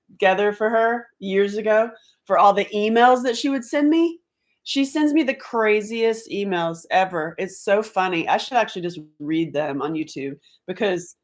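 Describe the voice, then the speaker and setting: A middle-aged woman from North Carolina chatting on a live stream at home, rambling and quick to laugh. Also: lowish voice. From Asheville, North Carolina, US. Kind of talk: casual live-stream chat. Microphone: laptop computer mic.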